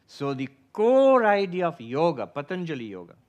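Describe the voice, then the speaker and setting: Spiritual teacher, man, fairly high voice; patient lecture style with questions to the room. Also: sing-song, moderate pace, a little mellow. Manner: patient, explanatory, poses questions to the audience; acts out everyday inner voices for illustration. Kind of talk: philosophy class lecture.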